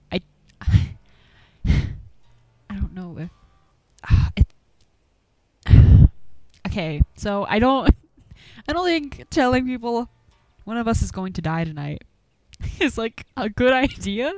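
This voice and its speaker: A woman's voice: on the high side, very animated, takes it slowly, pauses often, darkish tone, dry recording. Chatty woman playing a story game. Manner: chatty, giggly asides. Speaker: gamer. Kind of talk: casual let's-play commentary.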